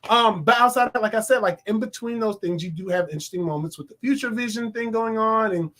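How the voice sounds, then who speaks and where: A man giving a casual, animated movie review, laughing often and talking in loose slang. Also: high voice, fast. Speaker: film reviewer.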